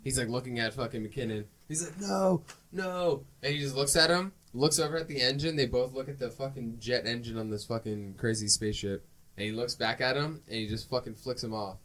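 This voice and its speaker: A man in casual podcast chat recaps a film scene by scene, swearing freely and getting worked up as he goes. His voice sits at an everyday middle pitch. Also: fairly quick, distant mic, rough recording. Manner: profane, animated retelling of scenes. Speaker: podcast co-host. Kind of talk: casual movie review chat.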